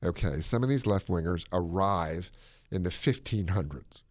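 A man co-hosting a podcast, talking his opinions in a casual, animated way. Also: low voice, normal speed, no room sound, clean studio sound. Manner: animated, opinionated, drops into playful put-on accents. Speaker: podcast co-host.

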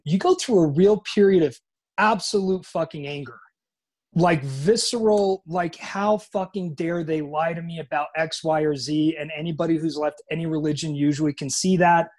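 Animated man telling stories, slightly high voice. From Utah. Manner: animated storyteller acting out quoted voices, frequent swearing and restarts. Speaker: podcast guest. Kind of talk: casual storytelling chat.

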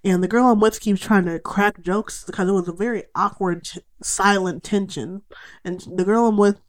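A woman's voice: mid-range voice, moderate pace. A young woman telling a story in casual talk, swearing freely and acting out what people said. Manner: animated, profane, quotes people in raised voice.

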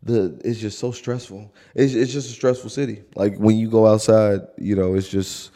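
A man co-hosting a podcast, telling a story in a casual, animated way and acting out the people in it. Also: lowish voice, moderate pace, big-room sound. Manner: animated storyteller, acts out quotes, laughs. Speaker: podcast co-host.

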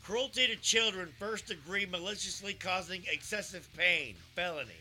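A man hosting a podcast, retelling a story in a profane, animated way and quoting himself often. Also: high voice, normal speed, soft background music. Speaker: podcast host. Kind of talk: casual storytelling chat.

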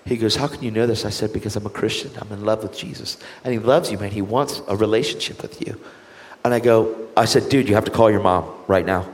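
A man's voice: lowish voice, quick pace, few pauses, big-room sound. A man, an evangelist guest, telling a testimony with animation and acting out the people he quotes. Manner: animated, acts out quoted voices. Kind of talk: storytelling testimony.

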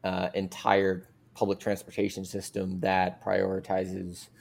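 Low gravelly-voiced man, rambling guest. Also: completely flat delivery, a little slow, darkish tone, a little hiss or hum. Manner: rambling, filler-heavy, earnest. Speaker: podcast guest. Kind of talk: casual conversational argument.

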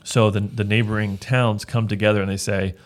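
Male pastor, low voice, earnest scripture chat, reads verses aloud with frequent restarts. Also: little pitch movement, fairly quick. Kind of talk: casual Bible discussion.

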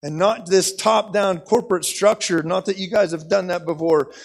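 A man's voice: high voice, steady tone, normal speed, creaky, slightly rough, rough recording. An American man preaching an impassioned sermon, repeating phrases and leading the congregation in call-and-response.

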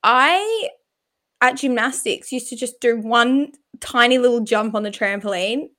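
A woman's voice: fairly high pitch, measured pace, a bit bright. A woman, co-hosting a podcast and telling stories in a chatty way with frequent laughs. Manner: chatty storyteller, laughs often. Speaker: podcast co-host. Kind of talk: casual chat.

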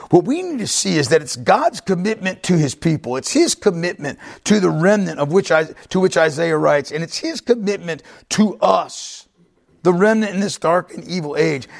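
A man's voice: on the high side, gravelly. A man pastor preaching an emphatic sermon, often checking in with the congregation. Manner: emphatic, repeats himself, asks the congregation "right?".

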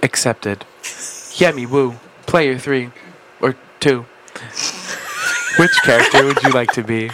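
A man's voice: medium pitch, takes it slowly, pauses often, natural voice. A man voicing a formal male VR simulation announcer who greets players and lists the characters. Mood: announcing. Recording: background noise.

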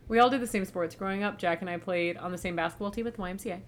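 A young woman in casual podcast chat, telling animated stories, saying "like" a lot and swearing freely. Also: medium pitch, racing, a little hiss or hum. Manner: chatty, animated storytelling with frequent "like" and swearing.

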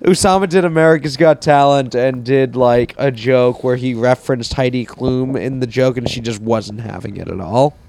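A man's voice: mid-range voice, moderate pace, gravelly, few pauses, darkish tone. A man co-hosting a podcast, telling rambling anecdotes full of fillers in casual banter. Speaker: podcast co-host.

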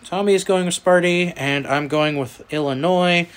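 A man's voice: fairly high pitch, normal speed. A man with a Southern US accent hosting a casual sports podcast, reading out matchups and bantering. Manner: reads out matchups, then banters. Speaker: podcast host.

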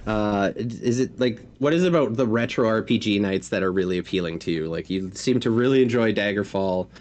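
A man's voice: fairly low pitch, brisk, a little mellow. A man with a Canadian accent from New Brunswick, a streamer guest chatting casually and swearing freely. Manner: laid-back, jokey, swears freely. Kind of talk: casual podcast chat.

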